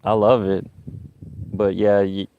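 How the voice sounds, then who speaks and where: A man with a Southern US accent chatting casually on a livestream, talking slowly around a stammer. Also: fairly low pitch, little pitch movement, phone-quality sound, slight background noise. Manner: stammer, slow careful breathing; chatty, rambling. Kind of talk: casual live chat.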